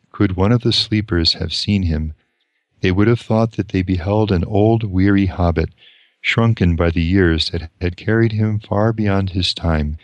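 A man reading a novel aloud and commenting on it as a lecturer, slow and deliberate. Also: low-pitched, no echo.

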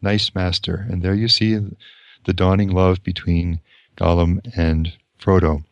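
A man reading a novel aloud and stopping to comment on it, in a deliberate and reflective way. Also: low-pitched, steady tone, a little mellow, no room sound, dull audio. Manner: deliberate and reflective, pausing to explain. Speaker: lecturer.

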